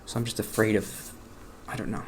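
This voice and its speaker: A man in his late twenties talking softly and haltingly over a video game, trailing off and questioning himself. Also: fairly low pitch, level tone, slight background noise. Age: late 20s. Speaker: gaming channel host. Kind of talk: casual let's-play commentary with personal talk.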